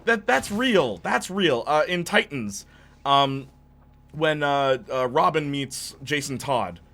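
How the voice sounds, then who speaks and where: A young man streaming gameplay, chatting in a rambling, excitable way with lots of fillers and tangents. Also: a little high, slow, creaky. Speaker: gaming streamer. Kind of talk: livestream gameplay commentary.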